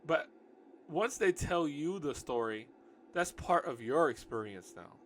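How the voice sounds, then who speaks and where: A man's voice: a little high, expressive, a little slow, slight background noise. A man reading his own novel aloud in a loose, joking way, often stopping to mock and argue with his own writing. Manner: loose, joking, self-correcting. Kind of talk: casual reading with running asides.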